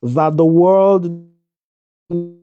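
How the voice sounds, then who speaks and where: A man's voice: sits high, extremely slow, narrow, tinny audio. Emphatic man giving a motivational talk. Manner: emphatic, repeats key lines. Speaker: guest speaker.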